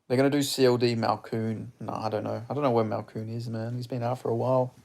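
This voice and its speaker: A man's voice: mid-range voice, level tone, quick pace, gravelly, darkish tone. A young man hosting a live fight watch-along stream, chatting casually, reacting to strikes, reading viewer chat aloud and swearing freely.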